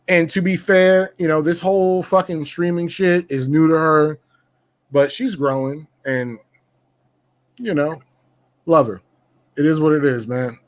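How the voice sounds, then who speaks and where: Dude hyping up his own story, loud brag energy, slangy, curses a lot, kinda high voice. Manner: boastful, profane, animated storytelling with slang. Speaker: podcast guest telling a story. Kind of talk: casual chat.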